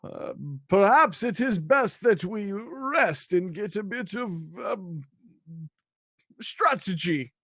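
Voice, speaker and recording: A man voicing a fussy male courtier who is prim, mildly huffy and soft-spoken in a tabletop game. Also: sits high, expressive, takes it slowly, breathy edge, dry recording, clean studio sound, exaggerated voice.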